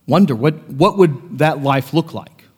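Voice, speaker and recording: A man preaching a sermon as pastor, earnest, moving between quiet reflection and raised, impassioned passages. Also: fairly high pitch, measured pace, husky, long reverb tail. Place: church sanctuary.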